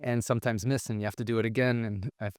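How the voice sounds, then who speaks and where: A man from Israel telling a childhood story as a podcast guest, animated and acting out the voices of the people in it. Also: medium pitch, fast talker, no room sound, studio quality. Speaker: guest entrepreneur. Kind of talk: casual storytelling interview.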